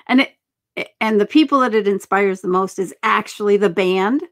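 A woman in her fifties hosting a podcast, chatting enthusiastically and asking quick questions. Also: medium pitch. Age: 50s. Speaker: podcast host. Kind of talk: casual interview chat.

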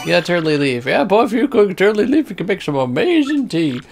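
A man's voice: high voice, sing-song, quick pace, vocal fry, soft background music, voice pushed up, full character voice. A man voicing a rambling old turtle geezer. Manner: rambling, loses his train of thought. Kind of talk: video game voice acting.

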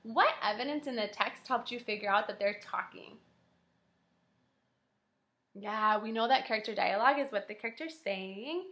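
A woman kindergarten teacher reading a picture book aloud to her class, speaking clearly and encouragingly and explaining step by step. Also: a little high, normal speed, pauses often, pushed and bright. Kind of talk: read-aloud lesson for young children.

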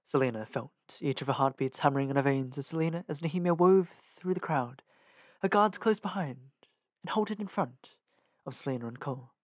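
A man narrating a novel as an amateur audiobook reader, with a lively, uneven reading and small self-corrections. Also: on the high side, fairly quick, no room sound, studio quality.

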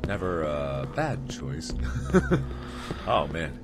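A man giving horror gaming commentary, talking to the game and yelping and shouting whenever something jumps at him. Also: lowish voice, lively intonation, a little slow, slight background noise. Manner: jumpy, shouts and yelps at scares, talks to the game. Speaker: let's play gamer.

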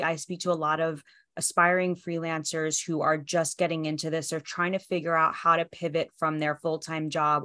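A woman's voice: low voice, a bit bright, no room sound, studio quality. A woman hosting a podcast in casual interview chat, candid and emphatic, with many "like" fillers. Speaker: podcast host.

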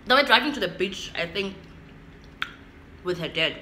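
Talking casually to her camera at home, a young vlogger with a South African accent tells a lively story, switching between English and isiXhosa. Her voice is mid-range, bright and forward, at normal speed, in an echoey room with a faint hum underneath.

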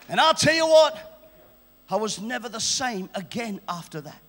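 A man preaching a sermon at a church service, exuberant and shouting and joking with the congregation. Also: high voice, very animated, moderate pace, big-room sound, some chatter behind.

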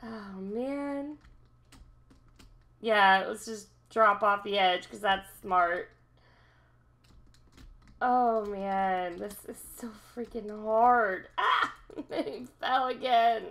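Young woman, gaming host; excitable self-talk commentary, unhurried delivery. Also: mid-range voice. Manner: excitable, talks to herself, laughs often. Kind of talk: let's-play commentary.

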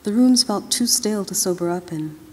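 A woman's voice: medium pitch, lively intonation, a little fast, darkish tone, slightly rough. Woman reading aloud in a ringing hall. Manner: first-person narration in loose, drawling colloquial dialect. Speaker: author reading from her novel. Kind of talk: literary reading at an awards ceremony. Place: large ceremony hall. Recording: long-reverb hall.

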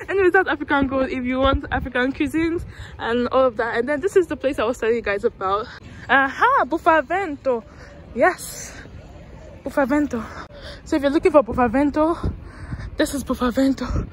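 Filming on a handheld phone, this young woman gives her viewers a walking tour of a university campus outside, keeping things chatty and self-mocking. She speaks fairly quickly in a high-sitting voice, with a bit of background noise behind her, in the style of a relaxed walking vlog.

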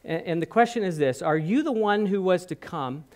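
A man preaching a sermon in church, telling a Bible story with animated acted-out quotes and questions to the congregation. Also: sits high, moderate pace. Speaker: guest preacher. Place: church hall.

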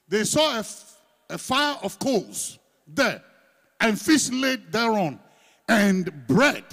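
A man preaches in church, his voice sitting high for a man. He coaxes the congregation to read along, teasing them in quiet asides and then pressing hard on key words. It is a lively call-and-response sermon. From Ghana. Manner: teasing, coaxing the congregation, swinging between soft asides and loud emphatic reading. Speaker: pastor. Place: church sanctuary.

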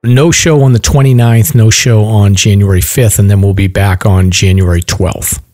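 A man hosting a casual podcast, reading news stories aloud in a loose, relaxed way. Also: lowish voice, moderate pace, dry recording, studio quality. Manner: relaxed, loose delivery with fillers. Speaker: podcast host.

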